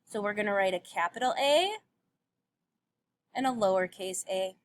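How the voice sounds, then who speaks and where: A woman's voice: mid-range voice, moderate pace. A woman teacher giving a recorded phonics lesson to young children, patiently sounding out letters and words.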